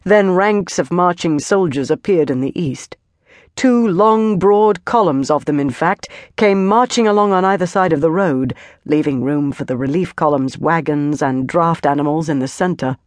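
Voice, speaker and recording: Woman reading fantasy audiobook, steady measured, dry close mic. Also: low voice, dry recording. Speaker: audiobook narrator. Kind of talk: scripted fantasy narration.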